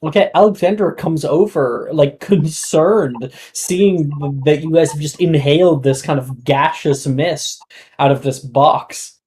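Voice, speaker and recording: A game master talks a tabletop role-playing session through in an easy, halting way. He leans on fillers and restarts, and his voice sits at a middling pitch. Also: a little mellow, slightly rough, low-quality recording. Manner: casual, halting, many fillers.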